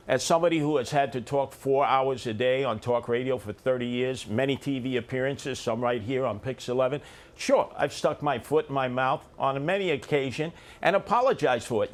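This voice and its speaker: A man's voice: mid-range voice, moderate pace. A man, a mayoral candidate and longtime radio talker, speaking bluntly in short punchy phrases in a live TV studio debate.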